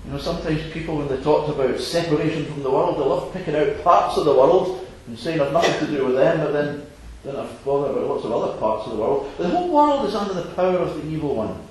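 Male preacher, earnest sermon, slightly high, very lively delivery, big hall echo. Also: quick pace, hardly any pauses. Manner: earnest, varied, chuckling asides. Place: assembly hall. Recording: echoey hall, faint noise.

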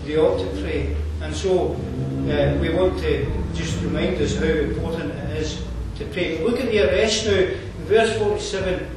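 A man's voice: on the high side, normal speed, vocal fry, few pauses, noisy background. A man from Scotland, preaching a sermon in an earnest, conversational way with asides and fillers. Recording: roomy distant hall mic.

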